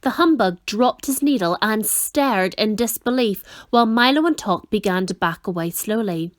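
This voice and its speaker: A woman reading a children's novel aloud in an expressive storytelling manner. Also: mid-range voice, normal speed, dry recording. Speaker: reader.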